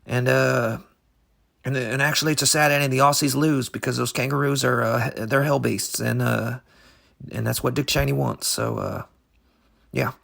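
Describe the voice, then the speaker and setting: A man co-hosting an improvised comedy podcast, rambling in halting, absurd deadpan. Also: mid-range voice, vocal fry. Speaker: podcast co-host.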